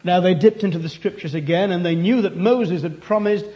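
A man's voice: sits high, fairly quick, warm tone, muffled recording. A man preaching a sermon, telling a story and acting out its questions and answers.

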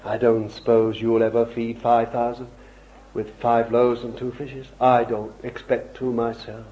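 A man preaching a fervent sermon to an evening meeting, pressing his listeners with repeated questions and swinging from loud cries to hushed asides. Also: medium pitch, little pitch movement, unhurried. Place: evening meeting in a room with a congregation. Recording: dull lo-fi recording.

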